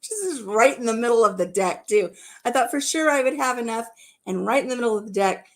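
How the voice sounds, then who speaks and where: A woman's voice: on the high side, lively intonation, fairly quick. Chatty, giggly woman on a livestream. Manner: chatty, giggly, repeats herself. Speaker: livestream host. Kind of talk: casual live chat.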